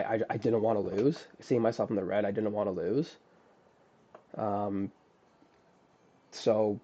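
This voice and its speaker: A man's voice: lowish voice, warm tone. A man recapping a trade he closed too early, talking in a casual, profane, self-critical way. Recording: dull lo-fi audio.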